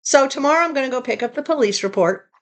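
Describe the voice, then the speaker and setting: A woman with a fairly high voice and lively, swooping pitch, talking straight to her viewers. She retells things in an animated, indignant way, in a casual vlog style. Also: fast talker. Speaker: tiny home vlogger.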